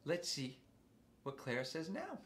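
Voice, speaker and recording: A man's voice: fairly high pitch, huge pitch swings, slow, fairly bright tone. A man leading a playful interactive music lesson for young children, coaxing them to join in with a sing-song delivery.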